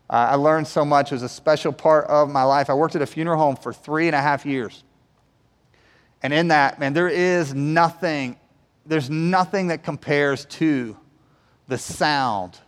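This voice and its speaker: A man's voice: a little high, big-room sound. A man preaching a sermon to his church in a conversational way, often asking the room "right?". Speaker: pastor.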